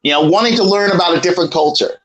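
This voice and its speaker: High-voiced man reasoning calmly. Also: rapid-fire, rough recording. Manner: reasoning, mediating, teasing. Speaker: podcast co-host. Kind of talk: casual banter.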